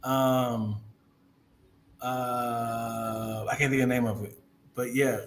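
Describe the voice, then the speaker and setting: A man co-hosting a podcast in casual chat, often halting and searching for his words. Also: mid-range voice, little pitch movement, a little hiss or hum. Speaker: podcast co-host.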